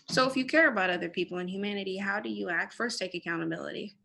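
A woman's voice: medium pitch, very fast, creaky, few pauses, pushed and bright. A woman co-hosting a casual podcast, talking bluntly and straight, acting out quoted exchanges with animation. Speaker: podcast co-host.

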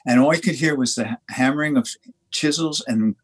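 A man from Canada, a dry stone waller guest, telling stories in a halting way with many restarts and lively quoted dialogue. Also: mid-range voice, slightly rough. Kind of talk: conversational storytelling.

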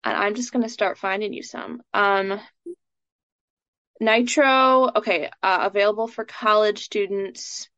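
A woman's voice: medium pitch, a little slow, a bit bright, dry recording. A woman coaching a student through a live session, chatty and casual, with plenty of "like" and "um". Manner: chatty, fills speech with "like" and "um". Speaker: scholarship coach. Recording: dull lo-fi sound.

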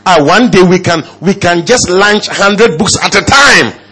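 A male pastor preaching a sermon, firing off rhetorical questions and swinging from low murmurs to loud exclamations. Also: lively intonation, a little slow, breathy edge.

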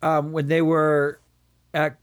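A man co-hosting a casual movie review chat, calmly recounting scenes step by step. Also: fairly high pitch, takes it slowly, clear, resonant tone. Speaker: podcast co-host.

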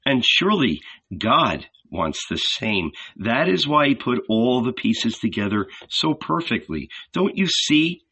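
A man voicing a gentle, resigned young man who speaks quietly and calmly. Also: medium pitch, measured pace, breathy edge, full character voice. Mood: pleading. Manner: quiet, soft-spoken.

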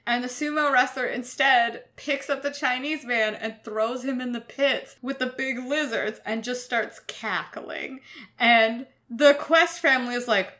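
Bright-voiced woman, animated and profane. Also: on the high side, measured pace. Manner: animated retelling with frequent swearing. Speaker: podcast co-host. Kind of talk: casual chat.

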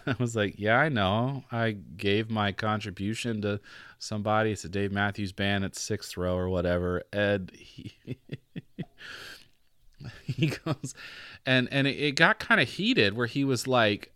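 Casual storytelling man with a lowish voice. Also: moderate pace, no echo, studio quality. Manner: animated, acts out quoted voices, laughs often. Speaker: podcast host.

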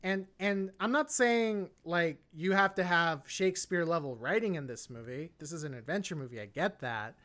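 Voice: mid-range voice, animated, moderate pace, hardly any pauses, a bit bright. A podcast co-host giving a casual, opinionated film review, rambling with lots of fillers and restarts. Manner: opinionated, blunt.

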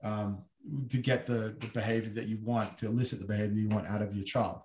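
A man's voice: on the low side, quick pace, reverberant. A man from Australia with an Australian accent, in casual discussion, telling stories with lots of fillers and bursts of emphasis. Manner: animated storytelling with many fillers.

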